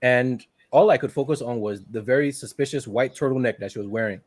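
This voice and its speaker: Man, podcast co-host, casual movie recap, mid-pitched voice, chuckles a lot. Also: brisk, dry recording. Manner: animated retelling, laughs often, quoting characters.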